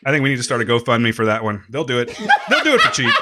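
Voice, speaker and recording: A man's voice: mid-range voice, huge pitch swings, very fast, sharp tone. A man co-hosting a podcast, bantering casually and easily agreeing. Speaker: podcast co-host. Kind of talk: casual chat.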